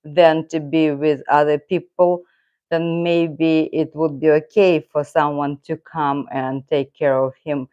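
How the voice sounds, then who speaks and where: A woman's voice: deep voice, level tone, takes it slowly, mellow, clear, resonant tone, lo-fi sound. A middle-aged woman with a Russian accent, chatting casually and rambling on a live stream. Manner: rambling, talks to her cat and viewers. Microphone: loose clip-on mic.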